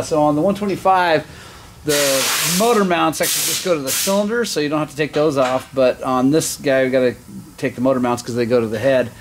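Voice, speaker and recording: A man's voice: fairly high pitch, a little hiss or hum. A man casually talking through a motorcycle engine job in his workshop, rambling and chuckling as he goes. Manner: rambling, chuckling, animated when telling stories. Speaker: motorcycle shop vlogger. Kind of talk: casual shop vlog with storytelling.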